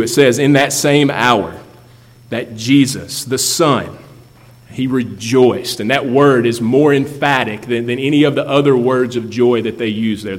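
Man, pastor, sermon, emphatic, repeats phrases, mid pitch, long echo of a large hall.

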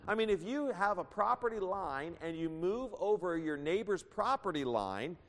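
A male preacher with a fairly high voice and a lively, swooping delivery, reading scripture and explaining it verse by verse, at times raising his voice. The sound rings with a long hall reverb, as in a church sanctuary. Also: normal speed. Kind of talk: sermon.

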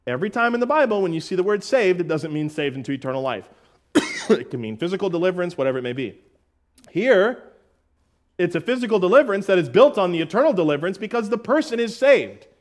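A man's voice: high-pitched, big pitch swings, fast. A man preaching an expository sermon as pastor, asking the congregation questions and dropping in casual asides. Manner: call-and-response questions to the congregation.

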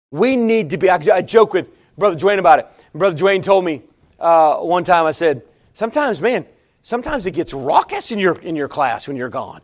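High-voiced preacher man. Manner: conversational storytelling, building to loud emphatic preaching. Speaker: pastor. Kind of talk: sermon.

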